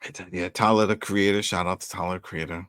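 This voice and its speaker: A man co-hosting a casual TV recap chat, animated and joking, often mimicking characters. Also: low voice, fast, clear, resonant tone, no echo, clean studio sound. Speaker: podcast co-host.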